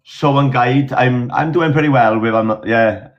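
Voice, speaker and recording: A man from the South Wales Valleys with a South Wales accent, chatting easily as a guest and often halting on repeated words. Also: mid-range voice, muffled recording, crowd noise. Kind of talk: casual chat.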